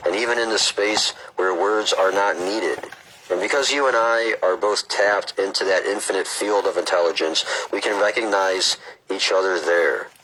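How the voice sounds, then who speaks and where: A man reading aloud as a calm, gentle AI presence that is open and curious, in a slow, soothing delivery. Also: deep voice, husky, voice pushed up, full character voice, rough recording.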